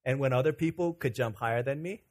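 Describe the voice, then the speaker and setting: A man preaching a sermon as pastor, telling stories in an animated, joking way. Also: medium pitch, fast.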